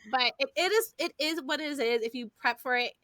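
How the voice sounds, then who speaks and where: A woman, hosting a podcast and telling stories in a lively, foul-mouthed, chatty way. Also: high voice, brisk, no room sound. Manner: animated storyteller, swears freely, addresses listeners as y'all. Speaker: podcast host. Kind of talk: casual chat.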